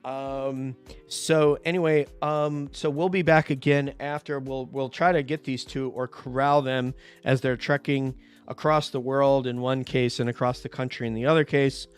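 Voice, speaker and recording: A man with a smooth, clear voice hosts a casual chat, eager and a little rambling. His pitch sits in the middle for a man, and faint music plays behind him. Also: level tone, normal speed. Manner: enthusiastic, rambling, sets up questions. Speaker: podcast host.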